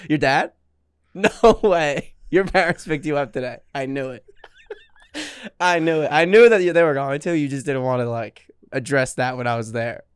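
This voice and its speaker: A teasing man, laughing mid-sentence in casual podcast chat. His voice is smooth and clear, a bit high for a man, and recorded dry and close. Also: normal speed, no room sound. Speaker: podcast co-host.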